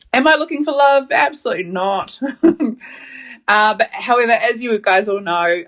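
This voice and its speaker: A woman's voice: medium pitch, fairly bright tone. A woman, hosting a casual solo podcast. She tells stories in a chatty, blunt way, swears freely and laughs often. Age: late 30s. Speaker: podcast host.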